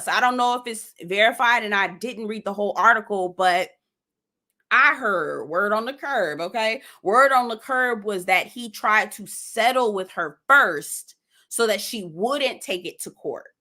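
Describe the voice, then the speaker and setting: A bright, forceful woman's voice, hosting a casual live stream. She is animated and sassy and talks straight to her viewers. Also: medium pitch. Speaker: host of a live gossip show.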